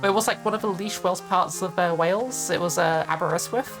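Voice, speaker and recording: A woman's voice: on the low side, quick pace. A young woman chatting casually while streaming a video game, rambling with lots of fillers. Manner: rambling, many fillers and laughs. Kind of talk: casual gaming stream chat. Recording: faint music behind voice.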